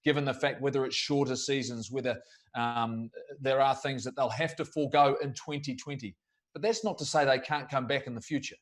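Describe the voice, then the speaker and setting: A man's voice: medium pitch, fairly even intonation, a little fast. New man hosting a sports panel. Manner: conversational, posing questions. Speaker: sports show panel host. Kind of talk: panel discussion questions.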